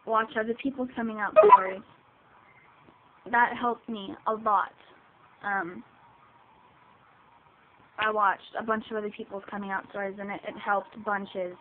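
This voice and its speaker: A woman's voice: mid-range voice, a little slow, pauses often. A seventeen-year-old girl talking hesitantly to the camera, with many ums and restarts. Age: teens. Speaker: vlogger. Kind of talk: personal vlog talking to camera. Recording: tinny lo-fi sound with hiss.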